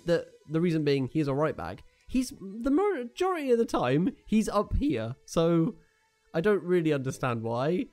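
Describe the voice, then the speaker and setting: A young man with a high-pitched, slightly mellow voice commentates on his own football video game. As a gaming YouTuber doing casual live commentary, he jokes, groans and cheers at each play.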